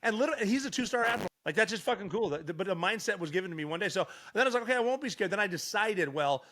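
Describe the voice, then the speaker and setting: A man's voice: high-pitched, expressive, rapid-fire, fairly bright tone. A man in his forties from Montana, a veteran guest telling stories in a blunt, profane way with frequent restarts. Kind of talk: casual storytelling interview.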